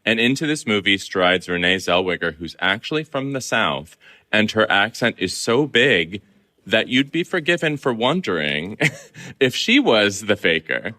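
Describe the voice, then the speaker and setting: A man guest in a casual interview, animated and laughing easily. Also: on the low side, measured pace.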